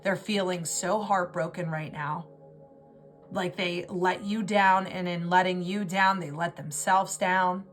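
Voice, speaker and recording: A woman's voice: lowish voice, fairly even intonation, measured pace, soft background music. A woman giving an intuitive tarot reading, talking in an emotional, rambling way and often restarting her words. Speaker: tarot reader.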